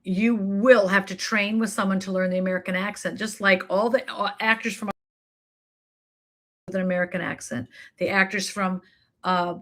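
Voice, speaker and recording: Here a woman with a steady, somewhat bright medium-pitched voice responds to questions from the chat in a live online class. As an acting coach and talent manager, she's emphatic and supportive and tends to stack quick lists.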